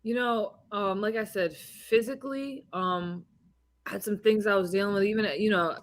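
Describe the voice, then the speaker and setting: A woman in her thirties, a boxing champion being interviewed, telling animated stories with laughs and swearing. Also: medium pitch, moderate pace. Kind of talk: casual interview chat.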